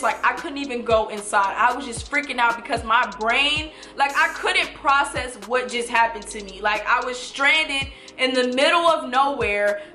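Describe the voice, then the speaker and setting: A woman in her twenties telling a storytime vlog, animated and casual, swearing and talking straight to viewers. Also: on the high side, reverberant. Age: 20s. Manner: animated, swearing, addresses viewers as y'all and you guys. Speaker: vlogger.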